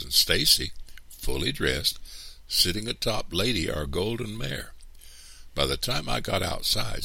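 Deep male audiobook narrator, husky, sharp, dry close sound, lively pitch. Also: dry recording. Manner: measured storytelling.

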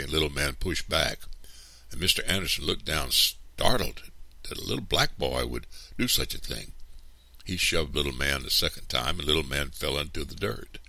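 A man reading a storybook aloud in a lively, animated way. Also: a bass voice, no echo. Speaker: storybook reader. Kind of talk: expressive read-aloud narration.

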